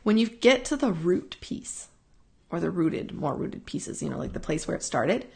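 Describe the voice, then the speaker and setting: A woman's voice: on the low side, sing-song, normal speed, creaky, warm tone. A woman hosting a casual live talk, answering viewers in a rambling, earnest way that keeps circling back and repeating itself. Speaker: host answering viewer questions.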